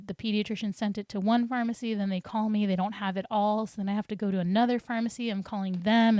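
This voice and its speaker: A woman's voice: medium pitch, a little mellow, no echo, studio quality. A young adult woman telling a personal story on her podcast in a rambling, chatty way with many restarts. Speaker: podcast host.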